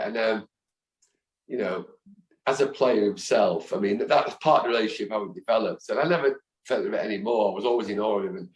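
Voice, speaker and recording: Deep-voiced man telling animated stories. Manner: animated storyteller who acts out quoted voices. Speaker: guest, football fan. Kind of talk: casual interview anecdotes. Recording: echoey room.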